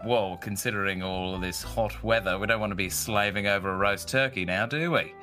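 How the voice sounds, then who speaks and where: A man's voice: lowish voice, a little fast, bright, forceful tone, soft background music. A man co-hosting a podcast, chatting casually in an easygoing, jokey, slangy way. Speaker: podcast co-host. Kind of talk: casual chat.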